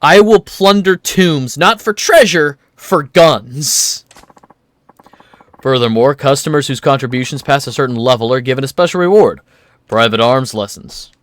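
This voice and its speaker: A man's voice: medium pitch, measured pace, no room sound, natural voice. A man voicing a formal, solemn old male weapons master in a game.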